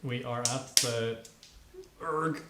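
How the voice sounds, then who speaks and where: A man, a father hosting a casual family livestream from his kitchen, gentle and a little hesitant as he guides the children. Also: medium pitch, slow pace, very noisy. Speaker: host, father. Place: home kitchen. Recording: echoey kitchen with clicks.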